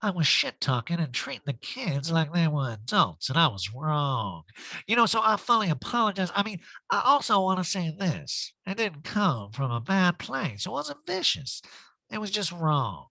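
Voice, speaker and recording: A man doing a high, drawling impression of a tipsy, crude reality-TV woman. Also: sing-song, normal speed, pushed and bright, no echo, exaggerated voice. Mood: tipsy brash.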